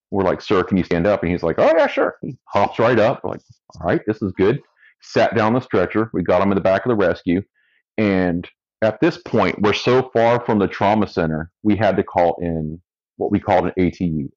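A man's voice: low voice, dull audio. A man, a firefighter and paramedic, casually telling a story from his job in a dry, amused way. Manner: relaxed, dry storyteller who laughs at his own story.

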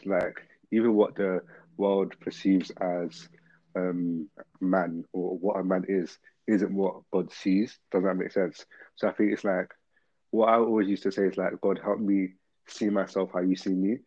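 A young man talks things through reflectively, pausing with "um" and asking if he makes sense. His voice is very deep and stays flat and even. The recording sounds dull and lo-fi. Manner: reflective, hesitant, with "um"s and "does that make sense?". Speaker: panel guest. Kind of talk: casual discussion.

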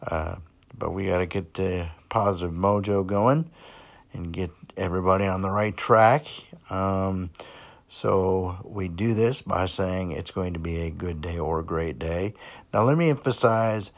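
A man speaks as the host of a motivational podcast. His voice sits very low. He talks slowly and plainly, with many fillers. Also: creaky.

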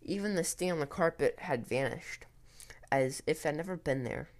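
A man telling a first-person horror story in a tense, hurried way with occasional restarts. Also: on the high side.

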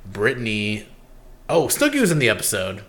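A man's voice: lowish voice, huge pitch swings, normal speed, crowd noise. A young man hosting a podcast, chatting loosely and rambling, swearing often. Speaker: podcast host. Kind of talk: casual chat.

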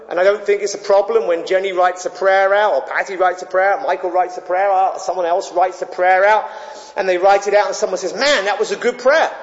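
A man preaching a sermon as a pastor, conversational and given to digressions. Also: high voice. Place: church. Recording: echoey hall, dull sound.

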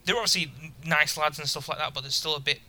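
A man telling a story in casual podcast chat, quick and loose. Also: on the high side, fairly even intonation, bright, forceful tone. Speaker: podcast co-host.

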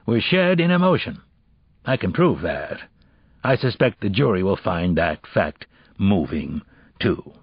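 Man reading as a sardonic criminalist, dry and impatient, husky low voice, lively lilt, dull dry recording. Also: unhurried, no echo, full character voice. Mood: lecturing. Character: sardonic brilliant middle-aged male criminalist.

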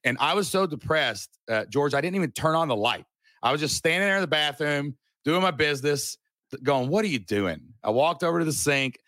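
A middle-aged man telling a personal story in a casual chat, animated and earnest, with a folksy way of talking. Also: on the high side, a little fast, no echo, clean studio sound. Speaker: podcast guest.

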